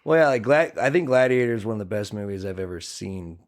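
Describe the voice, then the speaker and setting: A man's voice: on the low side, lively intonation, fast. A man from Kansas, a podcast guest who works as an actor and comedian, chatting playfully and swearing freely. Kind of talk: casual chat.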